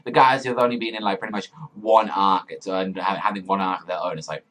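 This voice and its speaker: A young man giving casual reaction commentary on a manga chapter, excitable and profane, rambling with lots of fillers. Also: low-pitched, quick pace.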